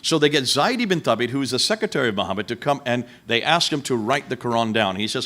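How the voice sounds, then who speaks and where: A man's voice: medium pitch, animated, fast, hardly any pauses, a bit bright. A man giving a lecture to a live audience, emphatic and full of rhetorical questions, speaking directly to the people in the room.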